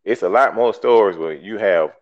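A man's voice: on the low side, moderate pace. A talk show host, arguing emphatically and bluntly, swearing and repeating himself to make his point. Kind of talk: heated call-in debate. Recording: dull lo-fi podcast audio.

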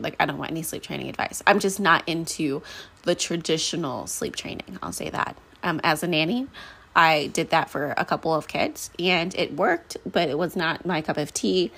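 Woman, podcast host, casual chat, husky, lowish voice, animated storyteller. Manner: chatty, animated storytelling with quoted asides.

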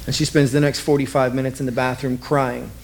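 A man's voice: medium pitch, level tone, a little fast, creaky, slight background noise. A man preaching a sermon as vivid present-tense stories, repeating key lines. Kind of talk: dramatic storytelling sermon.

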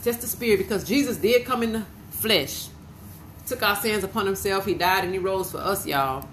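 A woman's voice: mid-range voice, moderate pace, slight background noise, low-quality recording. A woman preaching an informal podcast sermon, fervent and emotional, repeating her praise.

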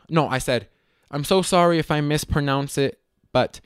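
A man from Las Vegas hosting a casual podcast, telling stories in a rambling, self-correcting way with sudden lively jumps in pitch. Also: moderate pace, smooth, no room sound, clean studio sound. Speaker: podcast host. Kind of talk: casual solo podcast storytelling.

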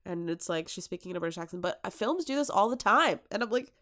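A woman co-hosting a podcast, chatting casually in an animated way and posing rhetorical questions. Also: fairly low pitch, fast. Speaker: podcast co-host. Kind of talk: casual chat.

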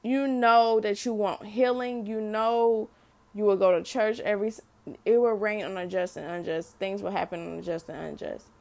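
A woman's voice: medium pitch, steady tone, moderate pace, creaky, darkish tone. A middle-aged mother sharing an unscripted faith testimony, speaking earnestly to listeners and often repeating and restarting her phrases.

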